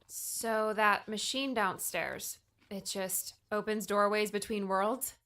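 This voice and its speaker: A woman's voice: mid-range voice, steady tone, slow pace, a bit bright, a little hiss or hum. A woman voicing a polite young woman who asks careful questions.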